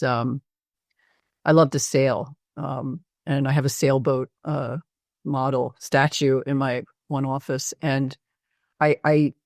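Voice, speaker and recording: A woman's voice: sits low, darkish tone, no room sound, studio quality. A woman psychiatrist recounting a patient case, reflective, with frequent fillers.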